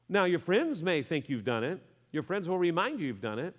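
Brief: male pastor, high voice, chatty humorous sermon, long church reverb. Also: a little fast, few pauses. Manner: lively, conversational preaching with humor and asides.

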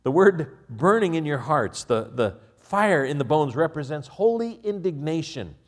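Animated male preacher, loud and soft. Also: a little high, moderate pace. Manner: animated preaching, swinging from hushed asides to raised shouts; chuckles at his own jokes. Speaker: pastor. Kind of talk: sermon.

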